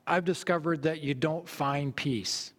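A man's voice: a little high, a little slow, long reverb tail. A man preaching a sermon, earnest, reading scripture aloud and repeating phrases for emphasis. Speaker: pastor.

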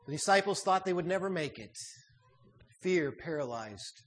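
Man, preacher, high voice, sermon delivery, loud emphatic swells, hushed endings. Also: animated, normal speed. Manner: dramatic swings from loud emphatic peaks to hushed quiet endings.

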